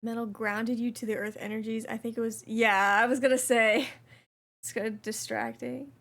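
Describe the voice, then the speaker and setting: A young woman streamer chatting casually with her chat while she plays, reading messages aloud in a relaxed way. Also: fairly high pitch, moderate pace, vocal fry.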